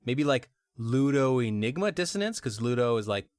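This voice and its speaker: A man in a casual podcast chat walks through a game's story, trading jokes and poking fun at himself. His voice sits at an ordinary pitch and is recorded close and dry, with no room sound. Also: big pitch swings, moderate pace, a little mellow, no room sound. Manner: joking and self-deprecating, laughs between lines. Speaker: podcast co-host. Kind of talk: casual chat recapping a video game.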